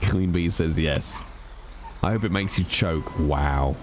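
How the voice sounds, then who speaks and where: Low, lively man teasing his chat. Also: measured pace, a little hiss or hum. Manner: playful, self-mocking banter. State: blocked nose. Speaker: livestreamer. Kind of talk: casual chat with viewers.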